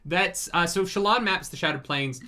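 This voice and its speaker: A man co-hosting a casual book club podcast, recapping chapters in an animated way, swearing and acting out the characters. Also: high voice, moderate pace. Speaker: podcast co-host.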